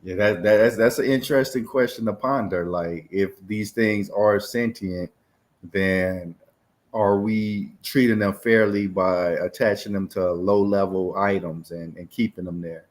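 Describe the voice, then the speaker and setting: Deep-voiced male co-host, thoughtful and musing in easy conversation. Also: steady tone, unhurried. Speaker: podcast co-host. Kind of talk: casual chat.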